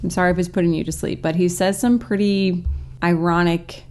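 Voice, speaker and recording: A woman's voice: fairly low pitch, fairly even intonation, a little fast, a little mellow, slight background noise. A woman hosting a chatty, sarcastic reaction commentary, peppered with likes. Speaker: commentary host.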